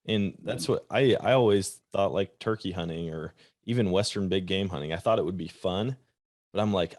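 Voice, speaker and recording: Deep voiced guy, laid back podcast host, chatty. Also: moderate pace. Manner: relaxed, chatty, short agreeing replies. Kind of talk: casual conversation.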